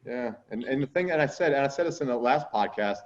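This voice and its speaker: A man's voice: medium pitch, lively intonation, quick pace. A man hosting a podcast in casual chat, rambling with lots of fillers and swearing freely. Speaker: podcast host and strongman coach. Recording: dull lo-fi sound.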